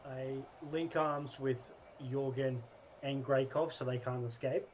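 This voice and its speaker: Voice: mid-range voice, fairly even intonation, unhurried, a little mellow, slight background noise. A player with a middling voice, speaking playfully and confidently in an online tabletop game. The call audio sounds dull and lo-fi. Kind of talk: in-character tabletop role-play.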